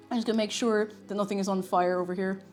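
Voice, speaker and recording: A woman with a medium-pitched, darkish voice bakes in her home kitchen during a live stream. She chats casually with viewers and makes fun of herself.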